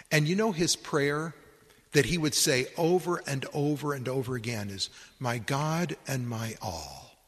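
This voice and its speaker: A priest preaches at an unhurried, measured pace, his voice carrying a slight huskiness. His words ring out with a long reverb, the sound of a conference hall. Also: medium pitch, fairly bright tone, breathy edge. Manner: slow, reflective preaching. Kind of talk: sermon.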